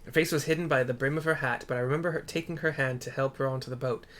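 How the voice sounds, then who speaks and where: A man's voice: medium pitch, steady tone, very fast, fairly bright tone, natural voice. A man reading out the lines of a nervous, stammering ferry captain in a video game who keeps deferring to his lord.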